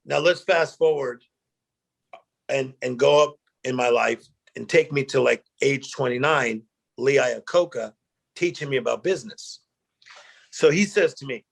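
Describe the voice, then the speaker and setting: A middle-aged man, a guest speaker, telling animated personal stories in a chat and acting out the quotes. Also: medium pitch, measured pace, vocal fry. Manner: animated storyteller, acts out quotes, emotional. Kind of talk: storytelling interview chat.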